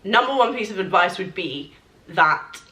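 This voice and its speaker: A woman's voice: on the low side, lively intonation, normal speed, sharp tone. A woman answering questions in a casual Q&A vlog, chatty and rambling, full of fillers. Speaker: fitness vlogger answering questions. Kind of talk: casual Q&A chat. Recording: echoey room, mic at a distance.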